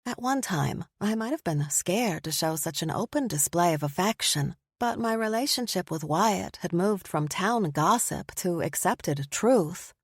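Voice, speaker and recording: A woman reading a first-person story aloud, expressive and lively. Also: lowish voice, a little slow, few pauses, slightly rough, no room sound, clean studio sound. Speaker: audiobook narrator. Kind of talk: scripted first-person narration.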